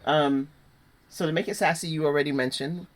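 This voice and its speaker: A woman's voice: low voice, steady tone, fairly quick. A woman co-hosting a podcast, chatting casually and easily agreeing and conceding points. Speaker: podcast co-host. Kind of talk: casual chat recapping a soap opera.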